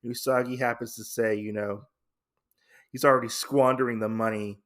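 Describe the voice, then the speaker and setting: A man's voice: medium pitch, steady tone, normal speed, fairly bright tone. A man hosting a podcast, casually recapping a comic story in a rambling way with fillers and self-corrections. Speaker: podcast host.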